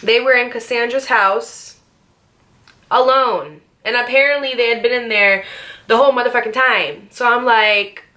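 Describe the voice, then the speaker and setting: A woman's voice: a little high, steady tone, normal speed, bright, forceful tone. A young woman vlogger telling a storytime tale in a chatty, dramatic way, with slang and swearing. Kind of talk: casual storytime monologue.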